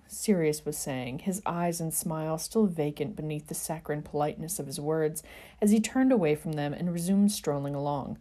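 Woman storyteller, expressive and dramatic, dark low tone. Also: normal speed. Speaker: fan fiction reader. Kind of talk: storybook narration.

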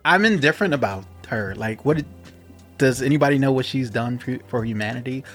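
A man's voice: mid-range voice, lively intonation, a little fast, fairly bright tone, soft background music. A man co-hosting a casual podcast chat, offhand, asking rhetorical questions. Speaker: podcast co-host.

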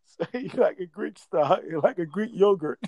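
High-voiced gravelly man ranting. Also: expressive, normal speed, darkish tone, no echo. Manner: rambling, profane, laughs often. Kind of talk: casual chat.

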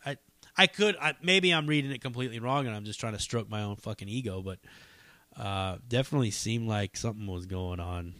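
Bright-voiced rambling male podcaster. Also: fairly low pitch, expressive, brisk, dry recording. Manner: rambling, profane, self-deprecating, many fillers. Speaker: podcast host. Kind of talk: casual solo podcast rambling.

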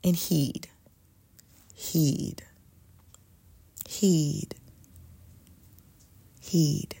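Low slow woman, husky and gravelly, spiritual coach talking soft and dropping into whispers, dry close sound. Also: steady tone. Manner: soft, meditative, drops to whispers for emphasis. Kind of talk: slow reflective faith talk to camera.

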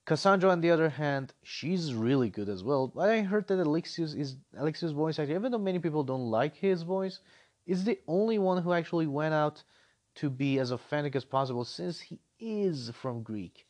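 A man's voice: a little high, lively intonation, moderate pace, darkish tone. Exasperated man ranting about games. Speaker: video game reviewer. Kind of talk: casual spoken review.

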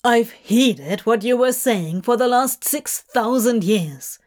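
A woman voicing an irritable, weary male demon with a flat voice that rises into exasperated outbursts, in a fanfiction audiobook reading. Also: fairly high pitch, takes it slowly.

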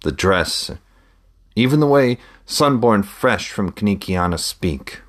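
A man reading an audiobook, voicing a middle-aged trader who is a proud, weary father and speaks in a measured, matter-of-fact way. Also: on the low side, lively intonation.

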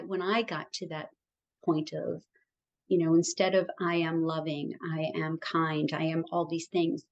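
A woman's voice: on the low side, darkish tone. Earnest woman guest on a podcast. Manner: earnest, emphatic, encouraging. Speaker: podcast guest, wellness coach. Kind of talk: conversational interview.

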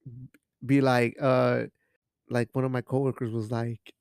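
Gravelly, joking podcast host. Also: male voice, medium pitch, flat delivery, normal speed, darkish tone, no echo, clean studio sound. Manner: profane, joking, rambling, mixes in Spanish phrases. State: drinking beer while talking. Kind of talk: casual solo podcast chat.

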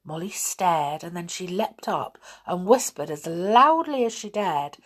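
A woman reads a children's story aloud, gentle and expressive. Her voice is low, slow and husky, and she takes her time over each line. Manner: gentle, expressive, with soft laughs.

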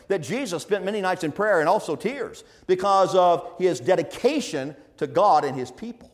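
Male preacher, high-pitched, animated delivery; earnest sermon with pointed questions. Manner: earnest, emphatic, with rhetorical questions.

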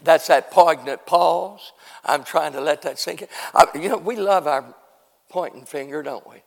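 A man preaching a revival sermon as pastor. He moves from quiet teaching to shouted preaching and coaxes the congregation to answer back. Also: on the high side, normal speed, vocal fry, big-room sound. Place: church sanctuary.

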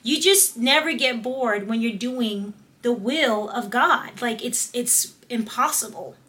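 A woman hosts a faith-based motivational podcast in a high, ringing voice. She talks with fervent, repetitive, preacher-like encouragement, slipping into casual slang as she urges her listeners on. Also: slow, bright, forceful tone. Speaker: podcast host.

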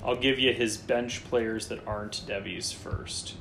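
A man hosting a casual fantasy football chat, reading through a roster in quick lists and joking with his co-host. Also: on the low side, vocal fry, slight background noise. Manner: lively, lists players in quick runs, jokey.

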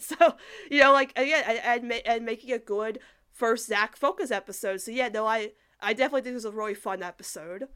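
A woman's voice: on the high side, a little fast, fairly bright tone, clear, resonant tone. A young woman co-hosting a casual podcast chat, giggling often and rambling with lots of fillers. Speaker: podcast co-host. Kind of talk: casual chat reviewing a cartoon episode.

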